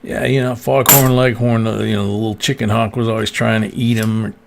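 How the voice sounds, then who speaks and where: A man's voice: lowish voice, level tone, fairly quick, creaky, noisy background. A man hosting a coin live stream, chatting casually in a rambling way, with lots of fillers and restarts. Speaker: host of a coin roll hunting live stream.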